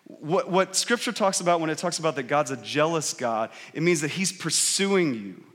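A man's voice: a little high, expressive, normal speed, a bit bright. Earnest preacher man in a reverberant hall. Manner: conversational, earnest preaching with frequent rhetorical questions. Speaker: pastor. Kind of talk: sermon. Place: church sanctuary.

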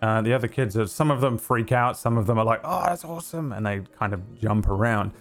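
A man narrating as game master for a tabletop game, halting with many pauses. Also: on the low side, little pitch movement, faint music behind. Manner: halting, full of ums and uhs.

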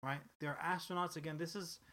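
A man's voice: a little high, steady tone, a little fast, sharp tone. A man co-hosting a podcast, chatting casually in a rambling, profane style with frequent restarts. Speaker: podcast co-host. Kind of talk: casual chat.

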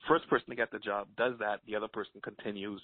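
A man as an interview guest, telling stories in an animated way and laughing often. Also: on the low side, fast talker, dry recording. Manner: animated storyteller, laughs often, acts out quotes. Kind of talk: casual interview storytelling. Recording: dry tinny phone-like line.

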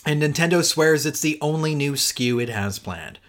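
A man co-hosting a casual gaming podcast, his voice sitting a little high and swinging widely as he talks. He swears freely and laughs often, keeping the chat loose and animated. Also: moderate pace. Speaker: podcast co-host.

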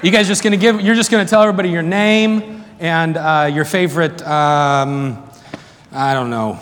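Brief: high-pitched male chapel speaker, joking with a student crowd, long hall echo, crowd murmur. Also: moderate pace. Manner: playful, jokey, calls out to the crowd. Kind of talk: lively sermon intro with audience game. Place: large hall with student audience. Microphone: handheld mic. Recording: reverberant hall, crowd and noise.

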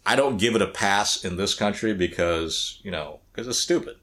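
A man's voice: on the low side, moderate pace, a bit bright. A middle-aged man co-hosting a podcast in casual chat, often repeating words and restarting phrases while he thinks. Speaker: podcast co-host.

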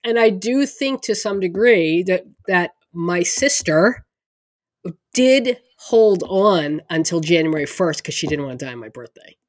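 Middle-aged lady podcast cohost, lowish voice, stop-start chatty, dry close mic. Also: animated, no echo. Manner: halting, many restarts, laughs through hard moments. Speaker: podcast co-host. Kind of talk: casual conversation.

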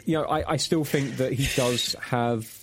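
A man's voice: mid-range voice, moderate pace, a little hiss or hum. A man chatting as a podcast guest, laughing often and restarting his sentences with lots of fillers. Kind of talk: casual podcast chat.

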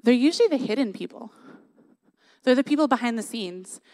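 A woman's voice: a little high, lively intonation, fairly quick, darkish tone. Young woman, church talk, earnest and chatty, casual sermon. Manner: conversational, earnest, frequent "like" and "right?". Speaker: worship leader giving a church talk.

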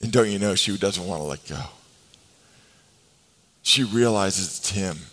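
A man preaching a sermon as pastor. He swings between hushed, slow lines and emphatic, faster bursts, and acts out the voices in the scripture. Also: deep voice, poor audio.

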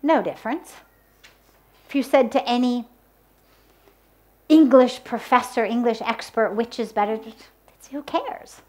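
A woman giving a spiritual talk on the power of sound, speaking deliberately and using everyday examples. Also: fairly high pitch, a little mellow. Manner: slow, deliberate, with spoken examples. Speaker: spiritual teacher. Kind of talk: spoken talk on mantras.

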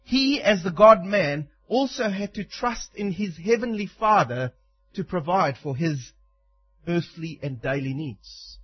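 A man's voice: high-pitched, animated, a little slow, breathy edge, muffled recording. A man preaching a sermon in an emphatic way, acting out the quoted lines.

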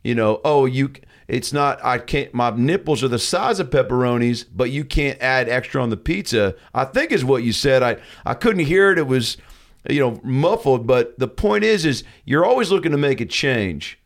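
A man's voice: mid-range voice, animated, moderate pace, close to an everyday voice. A man playing a brash, crude older male TV doctor hosting a talk show, rambling and leering. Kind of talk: improvised comedy sketch.

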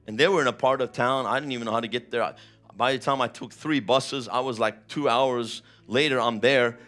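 A man's voice: mid-range voice, fairly even intonation, fairly quick, a bit bright, faint music behind. A man preaching a sermon, retelling a personal testimony with vivid, emotional storytelling. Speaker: pastor.

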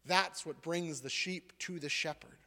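A man preaching a sermon as a pastor, telling funny personal stories in an animated, joking way. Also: a little high, measured pace, in a large hall.

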